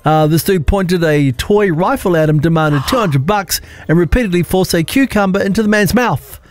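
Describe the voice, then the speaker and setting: A man with a New Zealand accent co-hosting breakfast radio, chatting casually and joking with his co-host. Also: high-pitched. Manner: chatty, jokey, quick to laugh. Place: radio studio.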